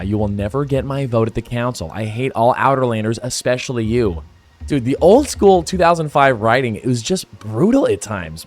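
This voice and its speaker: Laid-back young male gaming host, mid-pitched voice, soft music underneath. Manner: chatty, laid-back, talks straight to viewers. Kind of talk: casual gameplay commentary.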